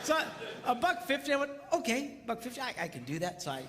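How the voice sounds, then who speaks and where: A middle-aged man with a very high-pitched voice talks at a quick pace during a comedic marriage seminar before a live audience. Animated throughout, he performs voices and sound effects mid-story. The recording has hall reverb and a touch of noise.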